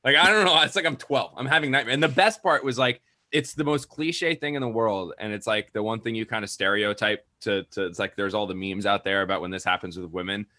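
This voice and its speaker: A man's voice: lowish voice, fairly quick, hardly any pauses, sharp tone, no room sound, studio quality. A young man co-hosting a sports podcast over a video call, rambling casually with frequent laughs and repeated words. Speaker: podcast co-host, sports writer. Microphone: remote video call.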